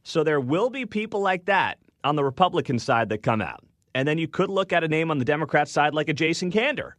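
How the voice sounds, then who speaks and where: A man's voice: mid-range voice, fairly bright tone, no room sound. A young man hosting morning talk radio, chatty and sarcastic, speaking into a studio microphone. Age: young adult. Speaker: radio talk show host.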